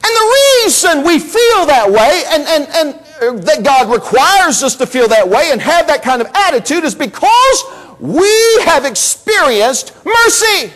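High-pitched preacher in full sermon. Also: male voice, big pitch swings, a little slow, fairly bright tone, low-quality recording. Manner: emphatic preaching with repetitions and rising exclamations. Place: church service.

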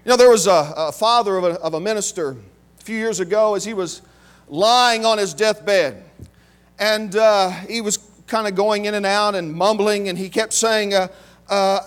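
A man's voice: high-pitched, a little slow, fairly bright tone. A male preacher delivering a sermon emphatically, repeating key phrases and calling out to his congregation.

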